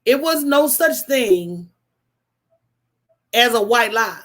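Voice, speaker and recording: A woman hosting a casual livestream, telling stories in an animated, preachy way with call-and-response asides to her viewers. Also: a little high, slow pace. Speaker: host.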